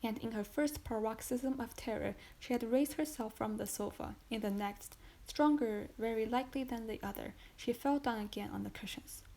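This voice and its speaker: A woman's voice: a little high, normal speed, gravelly, few pauses, mellow. Woman narrating a classic novel. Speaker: audiobook narrator.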